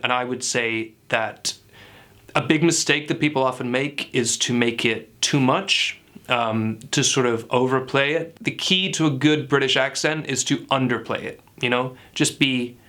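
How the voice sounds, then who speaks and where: A man's voice: mid-range voice, sharp tone, close to an everyday voice. A man playing a self-assured but clueless dialect coach, who lectures earnestly like an expert in a parody tutorial.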